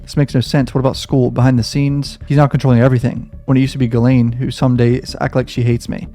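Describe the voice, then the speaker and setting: A man's voice: mid-range voice, level tone, fast talker, mellow, faint music behind. A man hosting a reaction video who reads a diary aloud and reacts with shaken, swearing anger.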